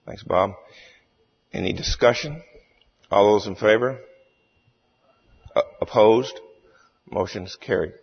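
A man chairing a church meeting, speaking haltingly with many fillers and restarts. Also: lowish voice, creaky, breathy edge. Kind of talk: formal meeting chairing with a joke. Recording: echoey hall, dull lo-fi sound.

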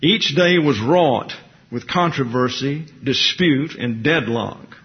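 Male lecturer, mid-pitched, opinionated history lesson with casual asides, muffled lo-fi sound. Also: slow pace. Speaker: teacher.

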